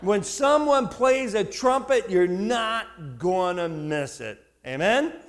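A middle-aged male pastor telling a story in a sermon, asking the congregation questions and shouting for emphasis. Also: high voice, animated, slow pace. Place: church before a congregation.

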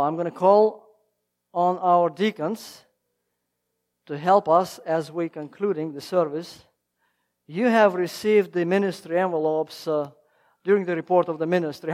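A man preaching a sermon, swinging from emphatic, loud lines to hushed ones, with slightly non-native phrasing. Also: sits high. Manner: emphatic, rising and falling in volume.

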